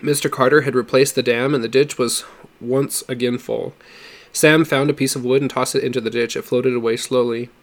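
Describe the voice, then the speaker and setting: A man reading a story aloud in a steady, measured narration. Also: mid-range voice. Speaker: audiobook reader.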